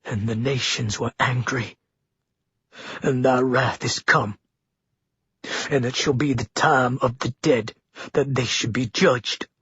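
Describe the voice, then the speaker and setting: A man voicing a huge, sullen male prisoner who speaks low and bitter, intoning scripture. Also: fairly even intonation, takes it slowly, long pauses, fairly bright tone, slightly rough, dry recording, full character voice. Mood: ominous intoning. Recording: dull lo-fi dry recording.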